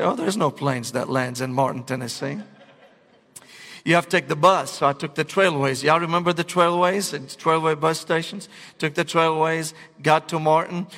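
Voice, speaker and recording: Middle-aged preacher, comic storyteller, higher male voice, big-hall reverb. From Syria. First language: Arabic. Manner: animated, comic storytelling to a congregation. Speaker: pastor. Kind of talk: sermon with humorous storytelling. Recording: long reverb of a large hall.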